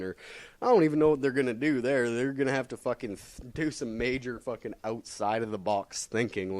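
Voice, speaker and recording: With a lowish voice and no room sound, this comics vlogger rambles through casual comic book reviews. He's animated and profane, swearing nonstop and leaning on lots of fillers.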